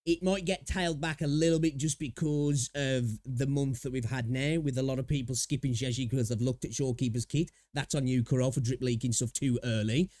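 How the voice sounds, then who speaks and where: A man's voice: medium pitch, steady tone, brisk, few pauses, mellow, dry recording. A man hosting a live stream, chatting casually and rambling with many restarts and repeated words. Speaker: livestream host reacting to videos.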